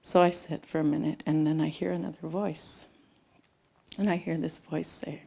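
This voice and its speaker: A middle-aged woman with a slightly low voice tells a personal story live on a theater stage. She speaks intimately and sometimes drops to a near-whisper. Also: little pitch movement, normal speed, gravelly, warm tone, slightly rough. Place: theater stage before an audience.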